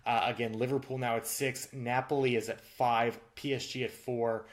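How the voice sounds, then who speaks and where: A man in a casual sports podcast chat, his voice sitting at an ordinary middle pitch. He talks through results with frequent fillers and restarts, stopping and starting his sentences. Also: little pitch movement, normal speed. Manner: filler-heavy, restarts often. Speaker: podcast co-host.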